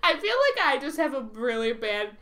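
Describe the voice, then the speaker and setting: A woman's voice: high voice, very animated, a little fast, fairly bright tone. A young woman co-hosting a fan podcast, chatting casually about an episode, giggling and playfully acting out lines. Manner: giggly, playful, acts out quotes. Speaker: podcast co-host. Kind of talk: casual chat recapping a TV episode.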